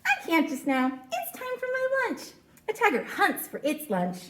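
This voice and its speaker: A woman's voice: sits high, wildly swooping pitch, moderate pace, a bit bright, roomy sound, full character voice. A woman voicing a small, boastful mouse who insists he is a tiger, reading a storybook aloud. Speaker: storytime reader.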